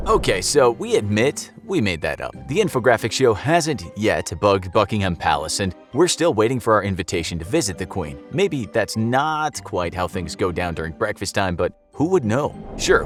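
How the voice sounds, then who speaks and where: A male narrator with a low voice that swings up and down with lively expression. He reads a scripted piece in a wry, jokey way.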